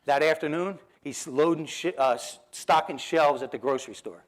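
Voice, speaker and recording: A middle-aged motivational speaker with a New Jersey accent tells personal stories during a keynote talk. His voice sits fairly high and moves at a normal speed, and he acts out the dialogue and laughs often.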